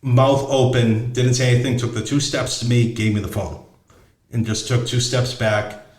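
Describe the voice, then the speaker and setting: A man's voice: mid-range voice, steady tone, moderate pace, a little mellow, echoey room. A middle-aged man telling a story casually, blunt and profane, often restarting as he searches for words. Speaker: podcast host.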